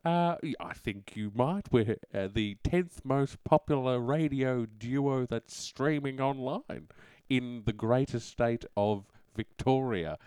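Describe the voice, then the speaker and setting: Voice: medium pitch, slow, few pauses, darkish tone, smooth, no room sound. A podcast host doing a jokey, rambling radio-host bit in an improvised comedy sketch.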